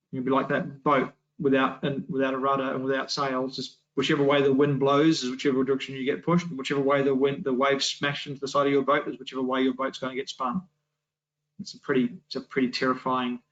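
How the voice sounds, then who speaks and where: A man's voice: medium pitch, a bit bright, highs cut off. A man teaching an adult Sunday school class, talking in a loose, conversational way with many restarts and rhetorical questions.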